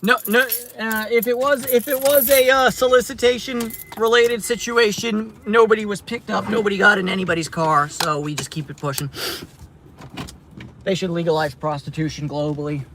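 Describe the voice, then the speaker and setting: A man's voice: high voice, steady tone, normal speed, a bit bright. A man chatting casually and profanely to his stream viewers while driving his car in a city. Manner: chatty, profane, rambling asides. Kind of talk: casual livestream chat. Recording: clear car and road noise. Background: road and traffic noise.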